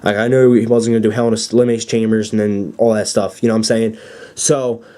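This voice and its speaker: A young man giving an excited, rambling fan recap with many fillers and restarts. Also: on the low side, fast. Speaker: wrestling fan vlogger.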